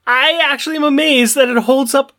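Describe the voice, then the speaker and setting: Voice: high-pitched, fairly even intonation, brisk, pushed and bright. A podcast co-host chatting casually about shows, teasing the other host and steering the talk back on topic. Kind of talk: casual chat.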